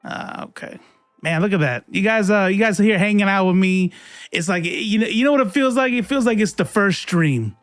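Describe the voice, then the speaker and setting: A chatty young man hosting a livestream, his voice a touch high and the sound dry and close. He laughs often and swears casually as he talks to viewers, with faint music underneath. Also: a little fast, fairly bright tone, dry recording. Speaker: livestream host.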